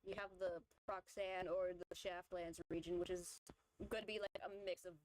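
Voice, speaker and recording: A woman's voice: on the low side, little pitch movement, normal speed, slight background noise, poor audio. A woman streamer in casual chat, rambling through her opinions with lots of fillers and restarts. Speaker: vtuber streamer. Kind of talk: casual chat while drawing.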